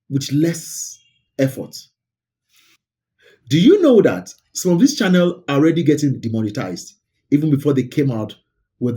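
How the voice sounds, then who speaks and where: A man's voice: medium pitch, warm tone. A man hosting a casual screen-share commentary about online videos, emphatic and often repeating words for stress. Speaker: YouTube creator and host.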